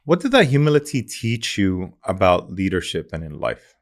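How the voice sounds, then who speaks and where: A man hosting a podcast, asking measured interview questions and quoting sayings. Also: deep voice, sing-song. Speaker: podcast host.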